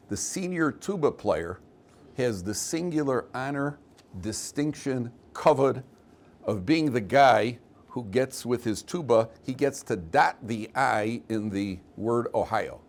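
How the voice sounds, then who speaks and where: A middle-aged man, a rabbi, telling stories with humor to a class and asking his students questions, mixing in Hebrew words. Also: fairly low pitch. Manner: storytelling with humor, asks the room questions; mixes in Hebrew and Yiddish words. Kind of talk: lively Torah class to students.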